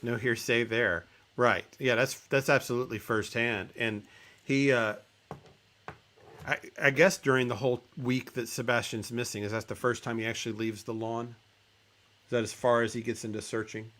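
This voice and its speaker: Bright-voiced male podcast host. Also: mid-range voice, fairly even intonation, moderate pace. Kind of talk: casual interview talk.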